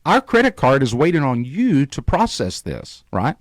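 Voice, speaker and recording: Animated storytelling man with a dry sound. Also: medium pitch, normal speed, no room sound. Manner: acts out the people he quotes. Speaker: radio show host. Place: radio studio.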